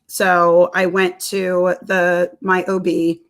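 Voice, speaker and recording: A woman's voice: fairly low pitch, monotone, slow. A woman, a nutrition counselor and personal trainer, telling a personal story in a casual interview, laughing often and repeating words as she goes.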